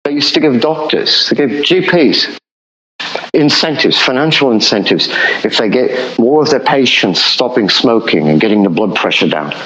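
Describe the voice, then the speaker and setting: A man's voice: mid-range voice, expressive, moderate pace, bright, forceful tone, reverberant, slight background noise. A man speaking as an economist guest on a podcast, explaining passionately and repeating points for emphasis. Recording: dull lo-fi audio.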